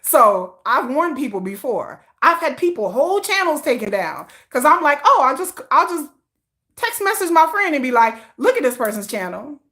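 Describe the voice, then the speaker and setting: Hosting a casual K-pop livestream, a woman reads out viewer comments with sassy, slangy put-downs and laughs often, staying animated throughout. Her voice is high-pitched at a moderate pace, and she's an adult old enough to have a teenage child.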